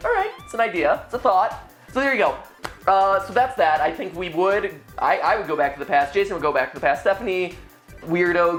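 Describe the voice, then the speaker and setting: A man's voice: high-pitched, a bit bright. A young man co-hosting a casual livestream, joking and teasing and often laughing. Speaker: livestream co-host.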